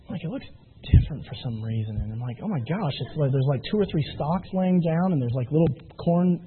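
Casting: motivational trainer, man, high-pitched and husky, animated storyteller, tinny phone-line sound. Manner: animated storytelling with emphatic rising peaks. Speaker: business trainer.

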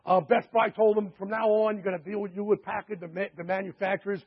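A man pitching a membership through chatty anecdotes full of quoted dialogue and fillers, in a dull lo-fi recording. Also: flat delivery, fast, husky. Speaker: sales presenter. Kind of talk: sales pitch storytelling.

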